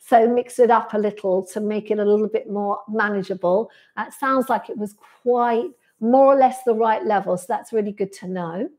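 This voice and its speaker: Speaking with few pauses at a moderate pace, a woman with a mid-range, slightly mellow voice hosts a live stream as a pilates instructor. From a sunny room indoors, she reads viewers' comments aloud and answers them one by one in a friendly way.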